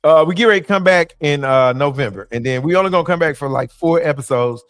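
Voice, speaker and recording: A man's voice: on the high side, quick pace, fairly bright tone, clear, resonant tone, dry recording, studio quality. A man, a comedian guest talking in a laid-back, joking way in a casual interview.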